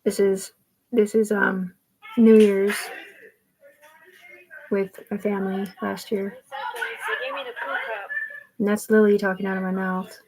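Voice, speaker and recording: A woman's voice: mid-range voice, flat delivery, takes it slowly, pauses often, very noisy. A middle-aged woman rambling through family photos in a profane, meandering monologue. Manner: rambling and profane, jumping between topics.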